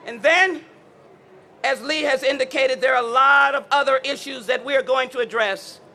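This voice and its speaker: A man, a lawmaker, giving a measured, solemn speech at a memorial and closing in prayer. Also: very high voice, gravelly, sharp tone, a little hiss or hum.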